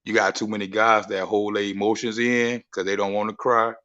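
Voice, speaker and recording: A man talking as a guest on a casual livestream, animated and laughing often, with "you know what I'm saying" tags. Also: on the low side, fairly quick. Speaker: guest content creator. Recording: muffled stream audio.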